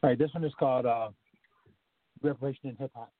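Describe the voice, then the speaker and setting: A man reading spoken-word poetry in a measured, rhythmic, rhyming delivery. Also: mid-range voice, fairly even intonation, dry recording. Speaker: open mic poet. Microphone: phone call-in. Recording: tinny phone line.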